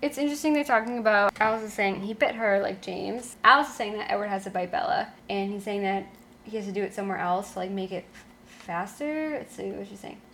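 A woman's voice: mid-range voice, fairly quick, gravelly, a bit bright, a little hiss or hum. A woman co-hosting a casual podcast, chatting about a book series and reading passages aloud from it. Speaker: podcast co-host. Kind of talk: casual chat.

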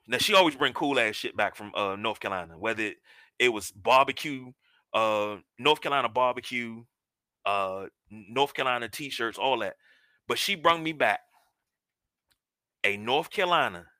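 A man in his forties, a sports radio host telling a personal story in an animated, colloquial way with drawn-out emphasis. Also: medium pitch, no echo. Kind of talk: storytelling monologue.

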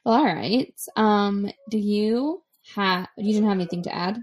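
Chatty and at ease, this young woman, a mother who co-hosts a parenting podcast, laughs easily through casual conversation. She speaks in a mid-range voice at a measured pace.

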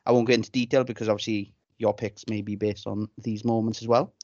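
A man's voice: lowish voice, flat delivery, quick pace, a little mellow, no room sound, highs cut off. A man co-hosting a podcast, chatting casually and telling anecdotes with relish and freely swearing. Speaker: podcast co-host.

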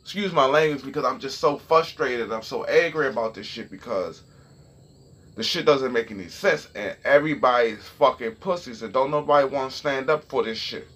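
A man's voice: medium pitch, normal speed, fairly bright tone, slightly rough. A young man telling a story and ranting in a casual, profane, heated way straight to his viewers. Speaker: vlogger.

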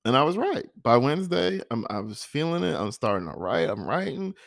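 A man talking through his thoughts in a reflective personal monologue, earnest and repetitive, with a frog in his throat that he keeps clearing. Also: mid-range voice, very animated, a little fast, no room sound, studio quality. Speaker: vlogger.

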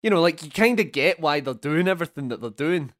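Young man, somewhat high voice, animated, swears freely, casual film podcast co-host. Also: quick pace, no echo, studio quality.

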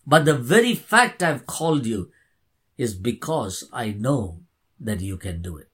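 A man's voice: mid-range voice, very animated, unhurried, fairly bright tone, slightly rough, voice pushed down, exaggerated voice. A man voicing God as a patient but firm speaker in a sermon, insistent and repetitive. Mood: reassuring.

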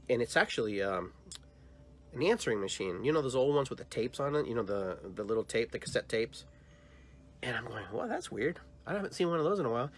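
Soft-spoken man in his fifties, rambling. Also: mid-range voice. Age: 50s. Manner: rambling, heartfelt, soft-spoken retelling of a dream. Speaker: podcast host. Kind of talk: personal storytelling monologue.

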